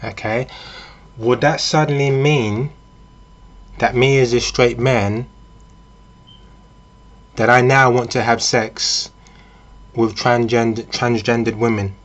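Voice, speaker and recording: A man's voice: mid-range voice, steady tone, slow, pauses often, highs cut off. A man vlogging in a casual monologue, walking through hypothetical scenarios in a conversational way. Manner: conversational, with frequent fillers and restarts.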